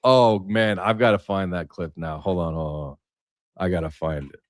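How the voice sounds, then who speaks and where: Rambling low-voiced male streamer. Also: moderate pace, dry recording, clean studio sound. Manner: rambling storyteller, many fillers. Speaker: livestream host. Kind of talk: casual livestream chat.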